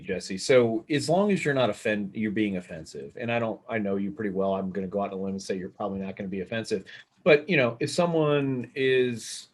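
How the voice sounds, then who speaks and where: A man with a husky, slightly rough voice leads a casual panel chat over a video call. He gives advice in an emphatic, animated way, gesturing as he talks. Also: fairly low pitch. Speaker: panel moderator.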